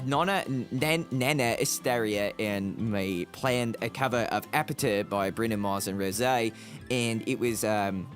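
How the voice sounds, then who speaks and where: A man's voice: mid-range voice, fairly bright tone. A young American man streaming, rambling and chatty, laughing often as he talks. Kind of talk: casual livestream chat.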